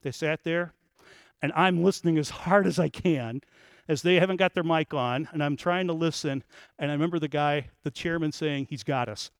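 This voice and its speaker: A man speaks on biblical archaeology in a fairly high voice, telling a story to an audience. He talks in an animated way and builds to loud, emphatic peaks. The sound is dry and close. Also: normal speed, clear, resonant tone, dry recording.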